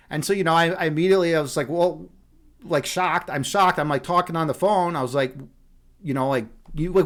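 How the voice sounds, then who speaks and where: A young man from Chicago talks loosely to his live-stream viewers, his voice sitting a little higher than most men's. He rambles, restarts his sentences and swears now and then, in easy casual chat. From Chicago, USA. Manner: rambling, many restarts and fillers, frequent swearing. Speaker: streamer, meditation host.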